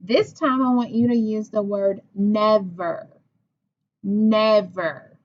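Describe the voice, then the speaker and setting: A woman teacher leading a phonics lesson for young children. She talks slowly and patiently, sounding out words and praising each answer. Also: mid-range voice, a little hiss or hum. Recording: dull lo-fi recording.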